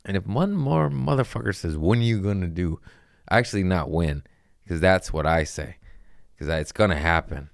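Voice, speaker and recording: A young man with a low, smooth, resonant voice hosts his own podcast as a comedian and tells stories. He talks in an animated, profane, self-mocking way and laughs at his own lines. The sound is dry and close. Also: moderate pace, no echo. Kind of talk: casual storytelling monologue.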